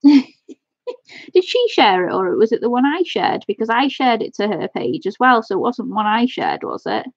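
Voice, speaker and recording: A woman chatting excitedly on a live stream, gushing and thanking her viewers by name. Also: fairly high pitch, moderate pace, husky, no room sound, highs cut off. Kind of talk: casual live-stream chat.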